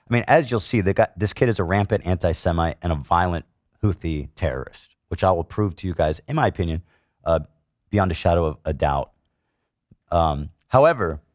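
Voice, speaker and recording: Deep-voiced, indignant male podcast host. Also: no room sound, clean studio sound. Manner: indignant, swears, reads comments aloud with sarcasm. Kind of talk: heated commentary monologue.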